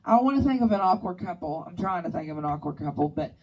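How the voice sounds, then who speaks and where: A woman's voice: fairly low pitch, lively intonation, quick pace, darkish tone, husky, distant mic, dull audio. A woman co-hosting a casual podcast, making wry, dry remarks and swearing now and then. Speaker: podcast co-host. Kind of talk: casual chat.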